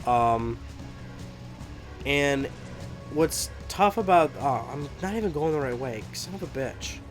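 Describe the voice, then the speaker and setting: A man's voice: mid-range voice, lively intonation, slow, over music. A young man giving casual, rambling let's play commentary, swearing and laughing often. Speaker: gameplay commentator.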